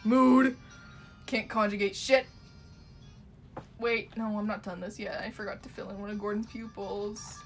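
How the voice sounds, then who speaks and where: Faint music sits behind a young Canadian woman who streams herself drawing at home. Speaking at medium pitch with a steady tone and moderate pace, she rambles through casual, profane chat with viewers, reading comments, laughing often, and trailing off with ums.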